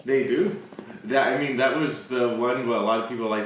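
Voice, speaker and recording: A young man co-hosts a casual anime podcast, blunt and profane, breaking into laughs. His mid-pitched voice rings in a heavily reverberant room. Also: steady tone, a little fast, slight background noise. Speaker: podcast co-host. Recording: very echoey room.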